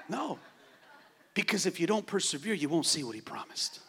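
A man pastor delivering a sermon, moving between playful asides and loud, shouting exhortation. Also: a little high, sing-song, normal speed, slightly rough.

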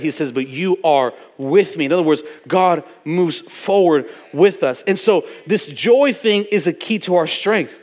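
A man with a high voice preaches a sermon, pressing his points through repetition and calling out to the congregation. His words ring with a long reverb from the church sanctuary around him. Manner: emphatic preaching with repetition and audience call-outs. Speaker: pastor.

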